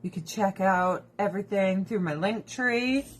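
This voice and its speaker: With a medium-pitched voice and measured pace, a woman who directly sells skincare tries products on while chatting casually. She rambles, laughs, swears freely and has strong opinions.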